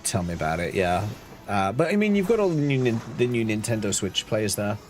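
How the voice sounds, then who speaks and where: A man's voice: fairly low pitch, sing-song, a little fast. A man streaming a video game, chatting casually, reading out and answering chat with playful asides. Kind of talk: casual live-stream chat while gaming.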